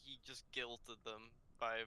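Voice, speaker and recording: A woman co-hosting a podcast, chatting casually with enthusiastic, expressive delivery. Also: rumbling low, takes it slowly, crowd noise, poor audio. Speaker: podcast co-host. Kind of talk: casual chat.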